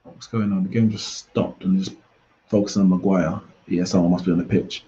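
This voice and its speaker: A man's voice: deep voice, fairly even intonation, brisk, warm tone, dull audio, slight background noise. A man hosting a live football watchalong, chatting casually and reacting aloud to the play. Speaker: watchalong host. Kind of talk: live match watchalong commentary.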